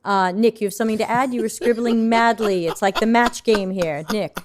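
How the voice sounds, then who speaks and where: A woman's voice: on the high side, a little fast, background noise. A woman hosting a casual online Q&A panel on a video call, joking and handing questions to her panelists. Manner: lively, joking, hands the floor to panelists. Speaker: panel host.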